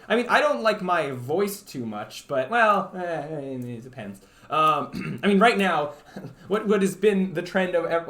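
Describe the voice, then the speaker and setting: A man's voice: on the high side, a bit bright. A young man from Canada chatting casually with stream viewers, rambling and stuttering with lots of fillers. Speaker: livestreamer. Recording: roomy echo.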